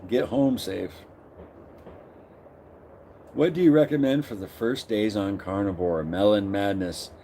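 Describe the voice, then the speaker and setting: A man's voice: on the low side, unhurried, pauses often, warm tone, slight background noise. A middle-aged man hosting a casual live stream, greeting viewers by name and reading their comments aloud.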